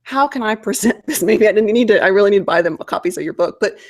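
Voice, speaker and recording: A woman's voice: mid-range voice, animated, fast talker. A woman from Alabama with a Southern US accent, hosting a casual conversation and speaking earnestly, often repeating words as she goes. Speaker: podcast host.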